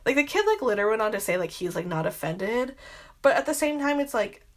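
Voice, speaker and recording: A woman's voice: fairly high pitch, very animated, brisk. A young adult woman hosting a podcast, rambling through exasperated gossip commentary with constant filler words and frequent swearing. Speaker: podcast host.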